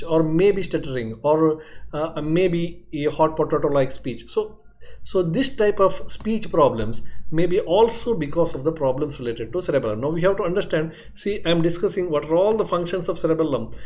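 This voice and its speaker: A man's voice: on the high side, darkish tone. A man giving a medical lecture, explaining step by step and often checking in with "okay" and "isn't it". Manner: explanatory, repeats points, frequent "okay" and "isn't it". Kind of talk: classroom lecture.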